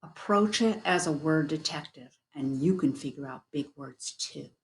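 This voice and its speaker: A woman teacher giving an online phonics lesson, patiently sounding out words slowly. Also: deep voice. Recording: echoey room.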